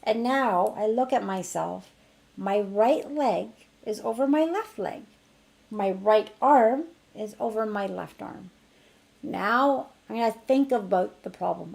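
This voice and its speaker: Woman, middle-aged, energy healing teacher, chatty, gravelly edge, casual online lesson. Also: mid-range voice, slow, a little mellow.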